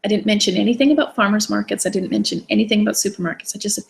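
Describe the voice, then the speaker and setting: Woman host, gravelly edge to her voice, chatty and digressive storyteller, heard over a webcam call. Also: medium pitch, racing, rough recording. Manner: enthusiastic, rambling, digressive. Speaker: wellness challenge host. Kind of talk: casual storytelling talk. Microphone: video call webcam.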